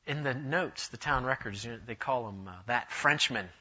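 A man preaching a sermon, telling a story in an animated way, his voice rising and swelling for emphasis. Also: mid-range voice, a little fast, dull audio.

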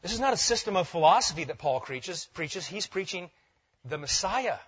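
A male pastor preaching a sermon emphatically, repeating key phrases and dropping to quiet intensity for weight. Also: sits high, animated, moderate pace, breathy edge, lo-fi sound.

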